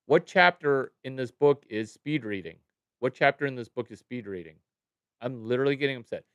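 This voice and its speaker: A middle-aged man hosting a livestream and talking to his chat, jumping from low mumbles to loud excited outbursts. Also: brisk, smooth, dry recording, muffled recording. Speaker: livestream host. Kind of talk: animated livestream talk to chat.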